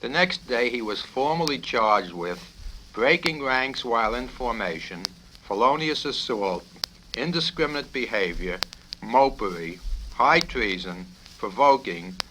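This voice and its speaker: A man reads his own novel aloud in a dry, wry storytelling manner. His voice sits at a middling pitch. The recording carries steady crackle and clicks from an old vinyl LP. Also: a little slow. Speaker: author reading his novel. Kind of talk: audiobook reading.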